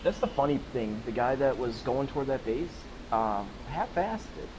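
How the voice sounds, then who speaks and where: A man's voice: mid-range voice, sing-song, moderate pace, noisy background. A man chatting offhand about a match as a fellow player. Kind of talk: casual gaming chat.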